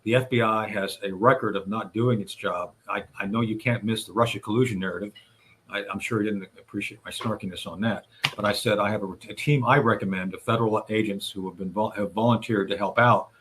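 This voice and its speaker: A man recounting a series of events in recorded testimony, speaking deliberately with frequent hesitations and restarts. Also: fairly low pitch, steady tone, fairly bright tone, a little hiss or hum. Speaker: whistleblower advocate recounting events. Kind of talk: recorded testimony played on a radio show.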